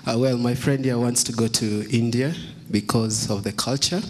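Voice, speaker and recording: A man's voice: medium pitch, fairly even intonation, moderate pace. A man from the congregation giving an earnest, slightly hesitant answer. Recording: reverberant church hall.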